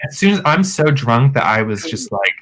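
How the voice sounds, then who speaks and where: A man co-hosting a podcast, telling a wild story in casual chat, animated, cursing often and calling his friends "girl". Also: medium pitch, moderate pace, a crowd in the background, rough recording. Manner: animated, swears freely, calls friends "girl". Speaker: podcast co-host.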